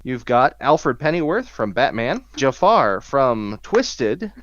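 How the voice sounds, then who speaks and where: A man hosting a casual game between friends, reading out choices in a quick patter. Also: mid-range voice, dry recording, highs cut off. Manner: lively, offering choices in a list-like patter. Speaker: game host. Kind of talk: casual game-show banter.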